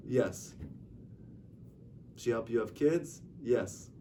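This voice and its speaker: A man's voice: medium pitch, lively intonation, measured pace, warm tone. A man, a rabbi, giving an informal religious lecture, talking conversationally and acting out stories with dialogue. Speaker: rabbi teaching a class. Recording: distant mic with faint noise.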